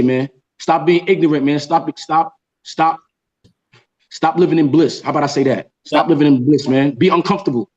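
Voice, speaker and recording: A man on a casual livestream panel, talking emphatically, repeating key phrases and slowing down to stress sayings. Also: a little high, a little mellow. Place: in a jungle. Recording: dull lo-fi sound.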